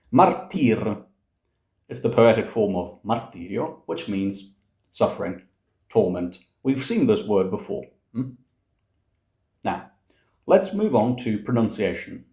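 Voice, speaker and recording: A man teaching Italian diction to singers, explaining words slowly and patiently, repeating each one as a model and often murmuring "mm". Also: lowish voice, mellow, reverberant. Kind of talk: relaxed explanatory lesson.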